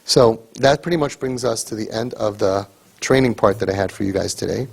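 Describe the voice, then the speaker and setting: A man's voice: fairly low pitch, brisk, vocal fry, breathy edge. A middle-aged man, a crisis coach, giving an earnest, emphatic lecture to a group and often asking rhetorical questions. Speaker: parent crisis coach leading a sibling training group.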